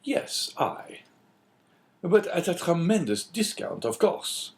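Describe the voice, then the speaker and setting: Brief: man playing a cool, measured English agent in a storybook reading, lively intonation. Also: sits high, pitched above the performer's own voice, exaggerated voice. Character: calm, phlegmatic English businessman.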